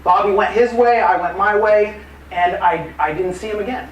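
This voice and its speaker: A man, an apologetics teacher, giving a live conference talk in lively, casual storytelling style with acted quotes and fillers. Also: high voice, normal speed. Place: museum conference room. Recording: echoey room, distant mic, faint noise.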